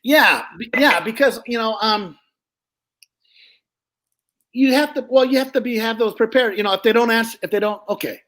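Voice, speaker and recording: A man, a ventriloquist guest, telling show-business stories in an animated, chatty way. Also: very high voice, moderate pace, long pauses. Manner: animated storyteller, chuckling at old jokes. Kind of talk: casual interview chat.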